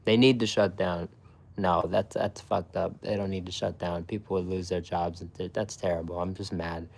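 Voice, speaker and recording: A man's voice: deep voice, fairly even intonation, moderate pace, vocal fry. A young man streaming live, chatting casually with his viewers and swearing a lot. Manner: profane, talks to chat.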